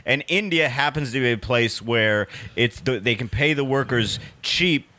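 A man co-hosting a comedy podcast, calmly explaining his point while stumbling and restarting. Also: medium pitch, normal speed, slight background noise. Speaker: podcast co-host. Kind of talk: casual comedic podcast banter.

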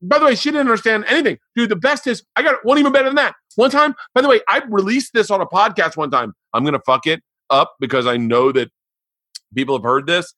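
A man hosting a podcast, telling stories in casual chat, animated with sudden loud, cursing outbursts. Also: high-pitched, quick pace, no echo, clean studio sound. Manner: animated storyteller, loud outbursts, swears a lot. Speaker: podcast host.

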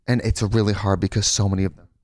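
A man's voice: fairly low pitch, flat delivery, quick pace, a little mellow, dry recording. Chatty man with a dry close sound. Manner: chatty, rambling, breaks into put-on voices. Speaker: podcast co-host. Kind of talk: casual comedic chat.

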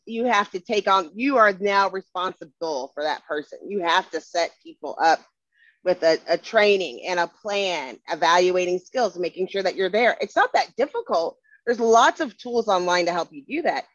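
A woman's voice: mid-range voice, no echo. Woman co-host, firm persuasive talker, dry and slightly dull audio. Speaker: podcast co-host. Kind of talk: casual podcast interview.

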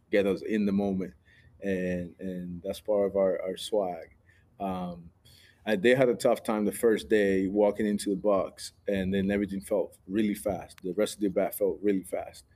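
Easygoing ballplayer man, low voice. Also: warm tone, breathy edge. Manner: easygoing, laughs often, restarts sentences. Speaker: guest ballplayer. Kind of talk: casual interview answers.

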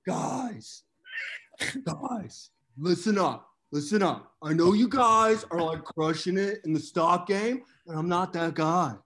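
A man's voice: high-pitched, takes it slowly, fairly bright tone. A man co-hosting a comedy podcast, joking loosely and swearing freely in casual banter. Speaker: podcast co-host.

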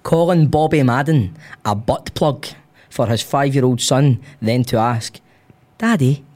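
A man's voice: mid-range voice, a little slow, a little mellow. A Scottish man hosting a casual chat, reading out listener stories with lots of giggling. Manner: giggly, banter, reads out ads. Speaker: podcast host.

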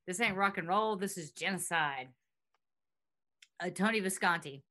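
A woman's voice: fairly low pitch, normal speed, pushed and bright. A woman hosting a podcast in casual chat, reading out facts and quotes with chatty asides. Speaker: podcast host.

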